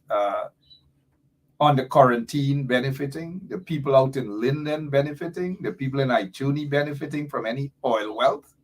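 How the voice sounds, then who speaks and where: A man's voice: mid-range voice, husky. A middle-aged man, hosting a live talk show and giving impassioned, rambling commentary while reading out listener comments.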